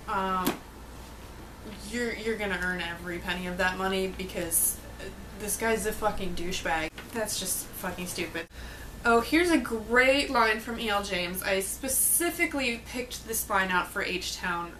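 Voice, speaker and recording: A woman's voice: medium pitch, noisy background. A young woman chatting casually to camera about a book, blunt, sarcastic and swearing freely. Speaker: book reviewer vlogger.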